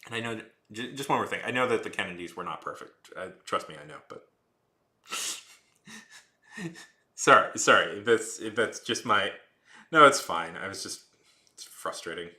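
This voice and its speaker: A man's voice: fairly low pitch, expressive, moderate pace, long pauses, pushed and bright. A man in his thirties chatting casually on a stream. He rambles with lots of fillers and turns heated and ranting. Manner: rambling, heavy use of "like", restarts and trails off. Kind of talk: casual rambling chat while drawing. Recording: echoey room.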